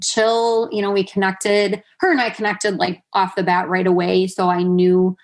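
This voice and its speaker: A woman's voice: mid-range voice, little pitch movement, normal speed. Chatty woman telling her story. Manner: chatty, many fillers and quoted asides. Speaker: podcast guest. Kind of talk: conversational storytelling.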